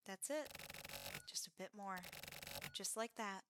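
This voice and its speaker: A woman streamer voicing a gentle young woman who softly coaxes someone along. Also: mid-range voice, a little slow, background noise, lightly acted. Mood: coaxing. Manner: soft, hushed, patient coaxing. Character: gentle young woman coaxing, calm and soothing.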